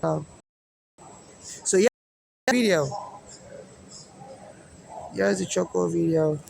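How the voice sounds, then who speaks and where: High-voiced man with a Nigerian accent. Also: takes it slowly, vocal fry, a little mellow, slight background noise. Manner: agitated, rambling, many fillers and restarts. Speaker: activist vlogger. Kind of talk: monologue to camera.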